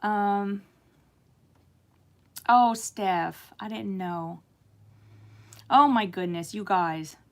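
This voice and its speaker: Speaking extremely slowly and pausing often, a middle-aged woman from the US, medium in pitch, hosts a relaxed live stream. Warm and chatty, she reads out viewer comments, with frequent laughter and fillers.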